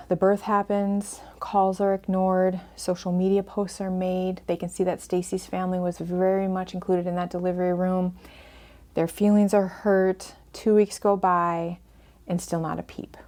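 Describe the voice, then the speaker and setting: A woman's voice: fairly low pitch, flat delivery, normal speed, dark tone. A woman hosting a podcast on family estrangement, talking with listeners in an earnest, empathetic way and walking them through a case story as a counselor.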